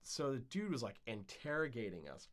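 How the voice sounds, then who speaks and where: A man's voice: medium pitch, sing-song, normal speed, a bit bright. A man co-hosting a podcast, casually telling a long story with lots of fillers and swearing. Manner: rambling, frequent fillers and swearing. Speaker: podcast co-host.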